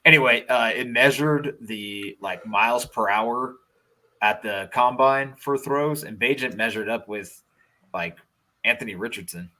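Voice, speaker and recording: A man's voice: medium pitch, measured pace, sharp tone, rough recording. A man with a Chicago accent co-hosting a casual sports podcast, talking in a loose, rambling way and swearing now and then. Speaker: podcast co-host.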